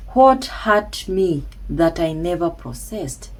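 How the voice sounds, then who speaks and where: A woman speaking slowly and emphatically as a self-help speaker, with dramatic pauses and hushed asides. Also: lowish voice, very animated, low-quality recording. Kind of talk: slow reflective monologue.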